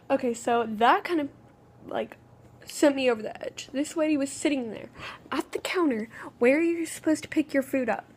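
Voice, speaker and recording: A woman's voice: high voice, moderate pace, long pauses. A woman, telling a rambling, exasperated story in a casual vlog. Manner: rambling, exasperated, full of "okay" restarts. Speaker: vlogger.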